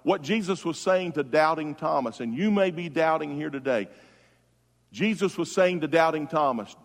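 A male pastor preaching a funeral sermon, swinging from loud emphatic calls to hushed, soft tones. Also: on the high side, expressive, normal speed, long reverb tail.

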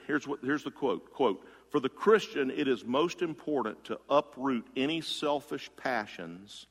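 Gravelly preacher in a reverberant hall. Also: male voice. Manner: swings between loud emphatic bursts and hushed low asides; conversational preaching, quick asides to the congregation. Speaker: pastor. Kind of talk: sermon.

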